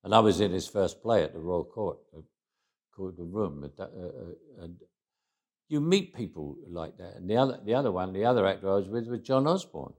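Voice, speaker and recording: Older man telling stories, low-pitched. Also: expressive, brisk, a little mellow. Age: 80s. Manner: reflective, repeats words as he restarts. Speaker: interview guest. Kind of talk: anecdotal interview storytelling.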